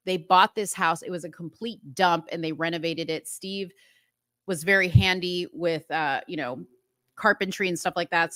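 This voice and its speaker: A woman's voice: no echo, studio quality. A woman hosting a casual talk show, animatedly recapping a TV episode and acting out the characters' lines. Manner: animated, acts out dialogue with rising pitch. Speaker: host.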